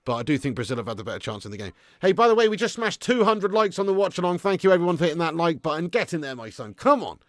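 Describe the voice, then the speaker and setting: A man's voice: on the high side, very animated, rapid-fire, few pauses, dry recording, clean studio sound. A man hosting a casual live stream from his garage, reading viewer comments with laddish, swearing banter. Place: home garage studio.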